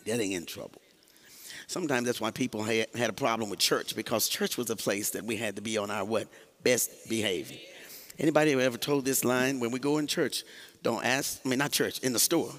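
Man, pastor, lively sermon, lots of laughter, pitch swings high and low. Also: normal speed, long pauses, big-room sound, slight background noise. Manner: animated, laughing, call-and-response with the congregation.

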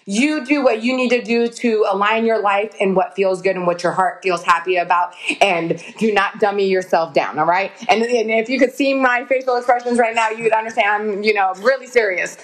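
A woman guest on a podcast, talking in a casual, animated, emphatic way, preaching about self-healing and swearing casually. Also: medium pitch, moderate pace, few pauses.

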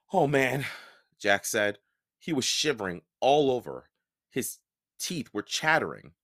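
Man reading a kids book aloud, bright voice, takes his time. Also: mid-range voice. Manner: expressive, unhurried reading. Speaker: podcast storyteller.

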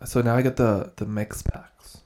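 A man, co-hosting a podcast in casual chat, animated and joking with quick asides. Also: mid-range voice, a little hiss or hum. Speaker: podcast co-host.

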